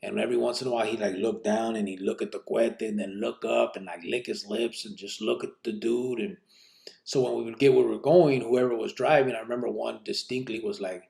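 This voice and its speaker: A man hosting a live podcast, reading listener questions and telling stories in relaxed street slang sprinkled with Spanish words. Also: lowish voice, a little fast, creaky. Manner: reads out listener questions and answers them. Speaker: podcast host. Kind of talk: live podcast, casual storytelling.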